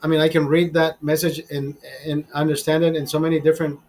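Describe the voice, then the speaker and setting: High-voiced profane man rambling. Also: flat delivery, quick pace, a little mellow, a little hiss or hum, low-quality recording. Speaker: show host. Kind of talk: casual chat over drinks.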